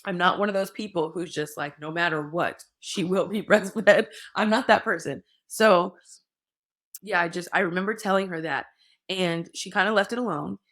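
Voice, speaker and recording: A young woman with a fairly low voice tells her story in a frank, conversational way. She retells events with animation and slips into other people's words as she goes. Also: moderate pace, a bit bright. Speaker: podcast guest sharing her birth story.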